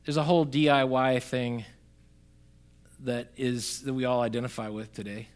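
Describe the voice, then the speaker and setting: A man preaching a sermon, talking straight to the congregation, swinging from loud emphatic bursts to quiet, soft lines. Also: mid-range voice, fairly even intonation, moderate pace. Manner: conversational, addresses the congregation directly. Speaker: pastor.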